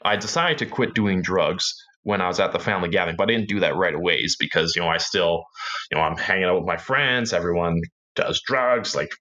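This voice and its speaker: A Canadian man, a guest, telling a personal story casually, in a loose and halting way with many fillers and restarts. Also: low voice, bright, forceful tone, highs cut off.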